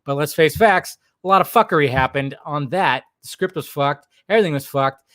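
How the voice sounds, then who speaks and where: A man's voice: fairly high pitch, fairly quick, fairly bright tone, no echo, clean studio sound. A young man hosting a casual livestream, reading chat and rambling, jokey and full of swearing.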